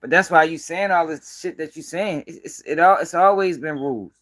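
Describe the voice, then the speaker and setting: Here the street news commentator from Baltimore sounds brisk and a bit bright. His voice is on the high side for a man as he rants through blunt, curse-laden live-stream talk, repeating points for emphasis.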